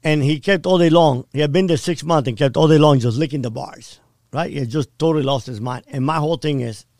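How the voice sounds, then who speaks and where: A middle-aged man with a gravelly, slightly high voice recounts his story in blunt, vivid casual talk, checking in with the listener as he goes. The sound is dry and close, with no room around it. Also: brisk, a little mellow, no room sound. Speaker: podcast guest.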